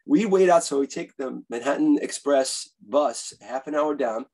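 A man's voice: mid-range voice, moderate pace, poor audio. A man, telling stories eagerly as a guest author in a casual interview. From Bronx, New York. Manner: animated, eager storyteller who acts out quotes.

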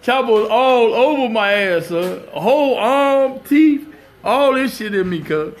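A man with a strikingly high voice. He tells his story in a casual vlog, emphatic and full of swearing, breaking into laughter. It sounds like a phone camera held by a friend. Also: lively intonation, a little slow. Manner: profane, emphatic, laughing often. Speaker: storyteller recounting a police dog bite.

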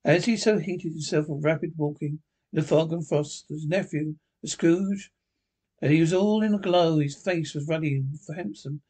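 Husky man reading a story aloud. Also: fairly high pitch, normal speed, mellow, low-quality recording. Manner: unpolished reading with stumbles and restarts.

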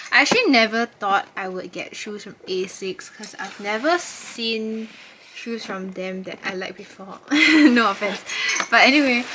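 Bubbly young woman vlogging. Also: on the high side. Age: young adult. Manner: chatty and excitable, with squeals. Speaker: travel vlogger. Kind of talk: casual vlog chat to camera. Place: hotel room. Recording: roomy room with background noise.

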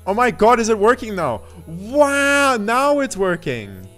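A man streaming live in casual chat, greeting viewers by name and laughing often as he swings from loud yelps to mumbles. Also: high voice, huge pitch swings, moderate pace. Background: faint looping music.

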